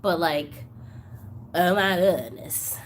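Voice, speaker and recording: A woman hosting a doll collecting vlog, chatting casually and gushing excitedly over gifts, at times near tears. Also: lowish voice, slow pace, a little hiss or hum. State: emotional, close to tears. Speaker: doll collector channel host. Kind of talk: unboxing vlog chat.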